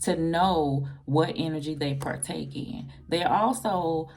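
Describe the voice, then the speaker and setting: A woman with a very low voice and a gravelly edge talks through a tarot reading for her viewers. She speaks in a loose, conversational way, circling back on her own phrases and dropping in slang. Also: takes it slowly, darkish tone. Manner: loose and conversational, repeats herself, uses slang. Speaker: tarot reader. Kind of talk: casual tarot reading to camera.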